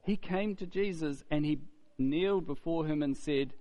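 A man's voice: a little high, moderate pace, warm tone. Man preaching a conversational sermon. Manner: conversational, asks "isn't it?" often, repeats words.

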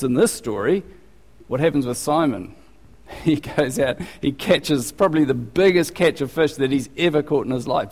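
A man's voice: mid-range voice, a little mellow, big-room sound. A man preaching a sermon in a conversational way, often restarting his sentences and acting out scenes.

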